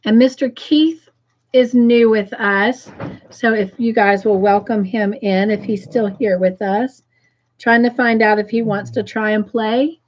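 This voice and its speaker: A woman hosting a livestream, greeting viewers by name and reading their comments aloud with effusive, excited warmth. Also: medium pitch, unhurried, dull audio, a little hiss or hum. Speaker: livestream host.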